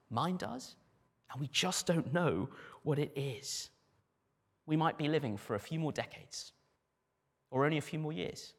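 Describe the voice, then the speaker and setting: A man preaching a sermon as pastor, animated, with dry humor and acted quotes. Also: on the high side, creaky, big-room sound.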